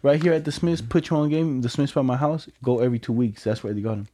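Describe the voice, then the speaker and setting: A man's voice: medium pitch, fast, mellow. A young man telling stories in a casual, slangy chat and laughing often.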